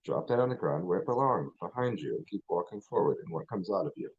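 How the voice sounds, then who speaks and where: A man's voice: low voice, expressive, fast, a little mellow, breathy edge, highs cut off. A man hosting his channel, ranting in a rambling, profane way with lots of restarts. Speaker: channel host. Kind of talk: casual livestream rant.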